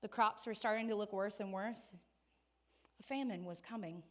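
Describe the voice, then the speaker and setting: A woman pastor giving a sermon who retells the story earnestly, often in a quiet, low-key voice. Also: moderate pace.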